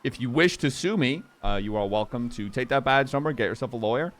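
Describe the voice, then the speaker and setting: A man roleplaying a sheriff sergeant, calm and patient with a blunt edge, in a game roleplay. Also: mid-range voice, quick pace. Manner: calm and patient, turns blunt when pushed.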